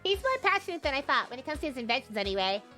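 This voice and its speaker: Woman doing a squeaky, chirpy young girl. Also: very animated, racing, faint music behind, full character voice. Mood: excited. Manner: high bright put-on voice for a game character.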